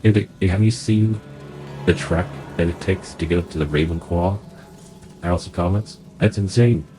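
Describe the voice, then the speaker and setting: A man's voice: sits low, normal speed, over music. A man playing through a video game, reading in-game journal entries aloud and joking about the game, recorded at a desk mic at home. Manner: reads in-game journals aloud, then quips. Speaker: game streamer. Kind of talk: let's play commentary.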